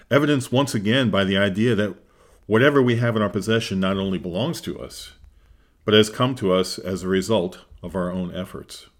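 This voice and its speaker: A man with a very low voice delivers a scripted Bible teaching. He reads the verses in an earnest, measured way and lifts his voice on the key phrases.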